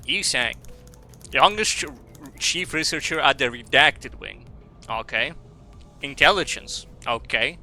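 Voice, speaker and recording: A man's voice: medium pitch, unhurried, bright, forceful tone, soft background music. A man with an Australian accent doing casual, rambling gaming commentary, reading game text aloud between asides. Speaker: streamer.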